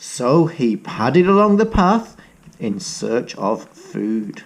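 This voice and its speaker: A middle-aged teacher reading a picture book aloud to young children, coaxing them to join in. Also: male voice, mid-range voice, sing-song, slow pace, slight background noise.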